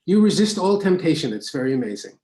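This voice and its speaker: A man's voice: a little high, big pitch swings, fast, dark tone. A man interviewing his wife in a friendly, slightly hesitant way, laughing often, recorded in her home studio. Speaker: interviewer, author's husband. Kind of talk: casual conversation. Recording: roomy echo.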